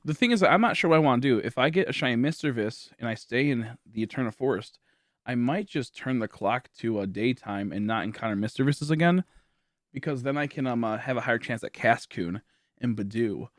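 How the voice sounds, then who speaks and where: A man's voice: mid-range voice, a little fast, no room sound, clean studio sound. Tired young man rambling on stream. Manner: rambling, filler-heavy, thinking aloud. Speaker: game streamer. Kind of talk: casual livestream chat to viewers. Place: at home, indoors.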